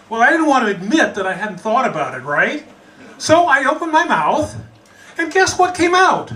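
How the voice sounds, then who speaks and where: A man from the United States telling a humorous personal story, animated and chuckling as he goes. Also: sits high, brisk, recorded from a distance, slight background noise, poor audio.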